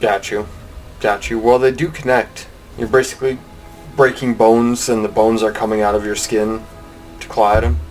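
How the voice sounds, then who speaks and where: A man running a tabletop game as game master, relaxed and laughing easily as he describes the action. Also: medium pitch, normal speed, soft background music, low-quality recording.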